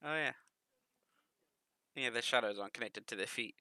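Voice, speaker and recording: A man's voice: mid-range voice, moderate pace, pushed and bright, no echo. A man bantering casually and chuckling while co-streaming a video game. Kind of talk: casual chat over gameplay.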